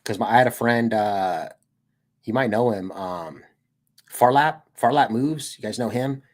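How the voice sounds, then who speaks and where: A man's voice: mid-range voice, measured pace. Laid-back American guy rambling on stream. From United States. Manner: rambling, laid-back, peppered with "dude" and laughs. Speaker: streamer and channel host. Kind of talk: casual livestream chat.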